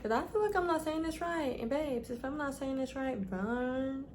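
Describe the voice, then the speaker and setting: A woman's voice: high voice, a little fast, a little hiss or hum. Woman vlogger, chatty and casual, trips over long words. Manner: chatty, calls listeners "babes", stumbles over words. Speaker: lifestyle vlogger. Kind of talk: casual advice vlog.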